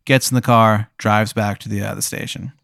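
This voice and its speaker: A man's voice: lowish voice, fairly even intonation, moderate pace, vocal fry, fairly bright tone, dry recording, studio quality. A man acting as game master, narrating an improvised scenario in a loose, rambling way with many fillers. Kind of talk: improvised storytelling.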